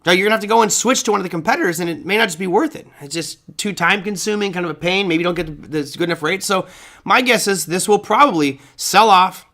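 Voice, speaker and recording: Bright-voiced man giving live market commentary. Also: sits high, fast talker. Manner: casual, chatty, thinks aloud with fillers. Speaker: trading show host. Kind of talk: live market commentary, reading viewer chat.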